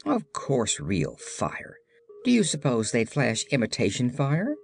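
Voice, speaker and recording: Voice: medium pitch, wildly swooping pitch, measured pace, gravelly, heavily acted. A reader voicing the boastful Woozy beast. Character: big boastful male beast, touchy and proud. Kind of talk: audiobook character voice.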